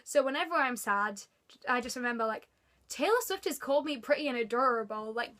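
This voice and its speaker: Woman vlogger, casual storyteller, fairly high and sharp-toned, excitable, gushing delivery. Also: brisk.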